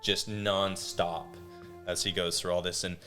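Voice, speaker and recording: A man's voice: deep voice, level tone, measured pace, over music. A man acting as dungeon master, narrating a tabletop game in a loose, rambling way with many fillers.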